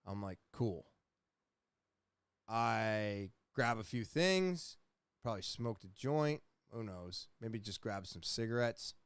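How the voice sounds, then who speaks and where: A young adult man hosting a podcast, casually telling a rambling, profane story with animated retellings. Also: lowish voice, takes it slowly, clean tone, dry recording. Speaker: podcast host.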